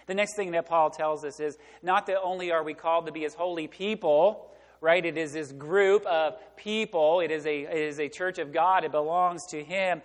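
A man preaching a sermon as pastor, emphatic, often pausing for the congregation to fill in the words. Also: a little high. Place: church sanctuary. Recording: long church reverb.

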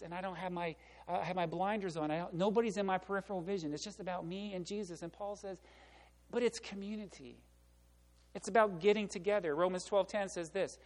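A man preaching a sermon as pastor, animated and asking his listeners rhetorical questions. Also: high voice. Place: church sanctuary. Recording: long reverb of a church hall.

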